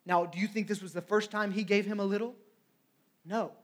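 A man's voice: high-pitched, steady tone, fairly quick. A man preaching a sermon in a conversational way, often asking "right?" and acting out quotes.

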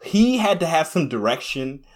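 A man's voice: fairly high pitch, normal speed. A man co-hosting a podcast, chatting casually, laughing often and restarting his sentences. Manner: laughing, animated, stumbling restarts. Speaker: podcast co-host. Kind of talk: casual chat.

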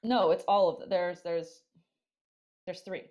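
A woman's voice: fairly low pitch, a little slow, darkish tone. A woman hosting a podcast in casual chat, teasing her co-hosts, laughing often and swearing now and then. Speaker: podcast host.

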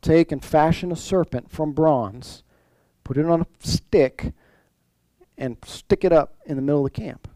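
Man preaching a conversational sermon, mellow voice. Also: fairly high pitch, measured pace, no room sound, rough recording. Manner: conversational preaching with many restarts and rhetorical questions. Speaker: pastor.

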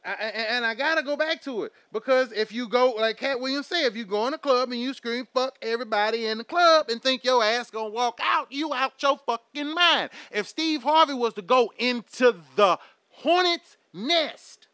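A man's voice: very high voice, normal speed, pushed and bright, clean tone, no room sound. A man in his thirties delivering a heated, profane, preachy rant straight to his audience. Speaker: vlogger.

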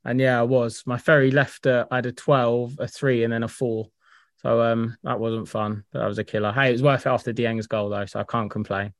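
A man's voice: medium pitch, level tone, fairly quick, no echo. Man telling a story in a dry room. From England. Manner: hesitant starts, then flowing anecdote. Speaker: guest fan. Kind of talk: casual chat, storytelling.

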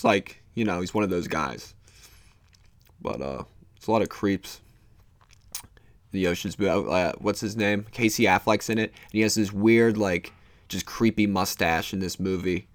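A man's voice: fairly low pitch, moderate pace, dry recording. A young man hosting his own podcast, rambling casually with many fillers and loose, meandering thoughts. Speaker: podcast host.

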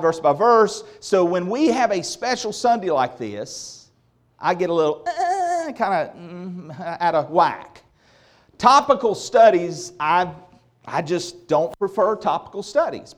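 Lively pastor joking from the pulpit. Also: male voice, high voice. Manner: folksy, joking, animated delivery. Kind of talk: sermon. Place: church sanctuary.

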